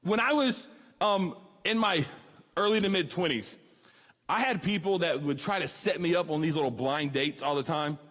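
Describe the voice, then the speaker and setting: A man's voice: fairly high pitch, normal speed. A man in his thirties giving a comic youth sermon, acting out the voices in his stories. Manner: animated storyteller, acts out dialogue. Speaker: student ministry speaker. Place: church hall. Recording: long hall reverb.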